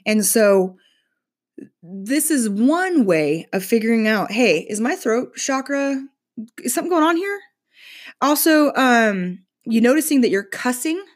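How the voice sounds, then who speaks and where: A middle-aged woman giving a casual spiritual teaching talk, chatty and animated, with playful asides. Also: a little high, a little slow.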